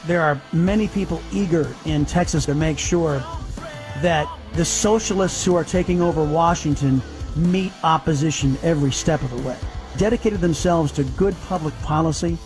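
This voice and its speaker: A man's voice: a little high, moderate pace, a little mellow, soft background music, low-quality recording. A man giving an earnest promotional speech for a political group, stressing key words by stretching them out. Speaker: speaker endorsing a political group.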